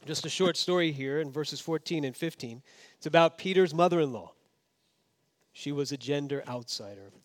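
A man preaching a sermon as pastor, swinging between emphatic raised passages and hushed, low asides. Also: normal speed.

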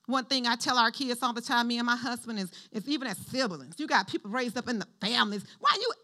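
A middle-aged woman pastor giving a sermon in an animated, conversational style, calling on the congregation to respond. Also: on the high side, quick pace.

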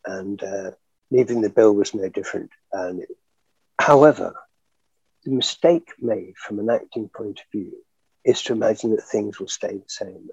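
An older actor reminiscing in an interview, telling animated stories with frequent laughter and fillers. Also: male voice, lowish voice, normal speed, husky, dry recording, muffled recording. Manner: chatty, animated storyteller, laughs often, many fillers. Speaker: actor guest.

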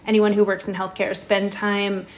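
A woman doctor speaking as a guest in a casual interview, calm and measured with hesitant fillers. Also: medium pitch.

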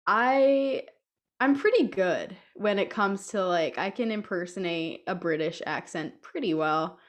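A young woman chatting on a podcast, mid-pitched, spinning stories about her week. She breaks into laughter often and keeps a loose, conversational flow. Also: a little slow. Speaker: podcast co-host. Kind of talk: casual chat.

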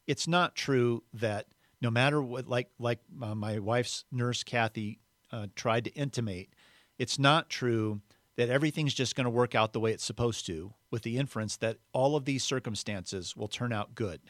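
A man's voice: mid-range voice, moderate pace, fairly bright tone, no echo, clean studio sound. A man preaching a sermon in an earnest, conversational way, retelling scripture in plain everyday words. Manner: earnest, conversational, acts out the quoted voices.

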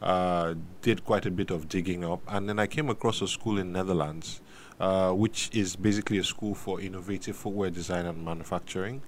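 A man, a guest in a studio, telling the story of how he founded his business in a relaxed, measured way. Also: deep voice, a little hiss or hum. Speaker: guest, sneaker company founder. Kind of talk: interview storytelling.

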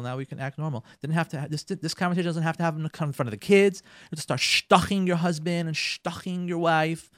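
A man's voice: fairly high pitch, fairly even intonation, a little fast, hardly any pauses, no echo, studio quality. A man hosting a radio show who gives marriage advice in an emphatic, instructive way. He often acts out what spouses say and repeats words for emphasis. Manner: emphatic and instructive, addresses listeners directly.

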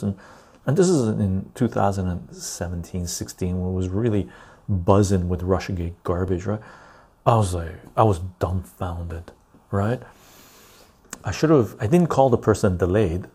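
A man's voice: low-pitched, expressive, unhurried, gravelly, dark tone, husky. A man hosting a casual political podcast chat, rambling and tagging his points with "right?". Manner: rambling, keeps asking "right?". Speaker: podcast host.

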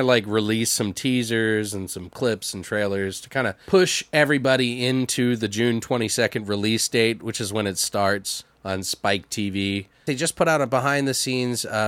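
A man's voice: mid-range voice, moderate pace, few pauses, fairly bright tone, clear, resonant tone, no echo. A man co-hosting a casual podcast, swearing a lot and rambling through horror news, a bit tipsy. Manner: profane, rambling, jokey. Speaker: podcast co-host.

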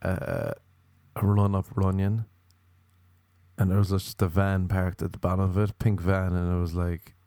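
A man's voice: low-pitched, flat delivery, unhurried, dark tone, no room sound. A man doing a stand-up comedy monologue, rambling and self-mocking with crude jokes.

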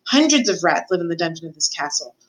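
A woman's voice: lowish voice, big pitch swings, quick pace, low-quality recording. A woman reading aloud voices a small, brave mouse who speaks politely and pleads earnestly. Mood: pleading.

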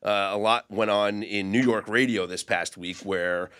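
A man's voice: on the low side, steady tone, unhurried, fairly bright tone, smooth. A man on a sports betting podcast panel, giving long, detailed explanations in casual chat.

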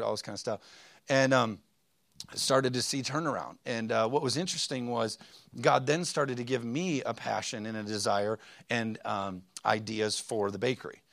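A man's voice: medium pitch, brisk, creaky, fairly bright tone, no echo, studio quality. A man in his thirties preaching a sermon, telling a personal story with plenty of fillers and self-deprecating asides. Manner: rambling, self-deprecating, frequent fillers and restarts. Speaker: pastor.

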